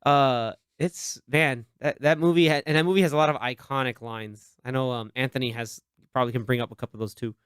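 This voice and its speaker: This podcast host speaks fast with a smooth, medium-pitched voice, recorded cleanly in a studio without any room sound. Animated and casual, he discusses films and quotes his favorite lines using put-on voices.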